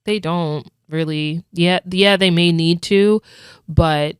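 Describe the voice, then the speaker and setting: A woman's voice: low voice, steady tone, slow, smooth, no echo, studio quality. A young woman co-hosting a podcast, talking in a casual, earnest and reassuring way, with lots of "like". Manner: earnest, reassuring, heavy use of "like". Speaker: podcast co-host. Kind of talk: casual chat.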